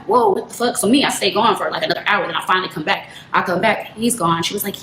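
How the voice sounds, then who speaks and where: A young woman with speech tells a personal story at a rapid clip, slipping into the voices of the people she quotes. Her voice sits mid-range for a woman. She sounds roomy and echoey, with loud noise behind her. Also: medium pitch. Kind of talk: casual storytelling.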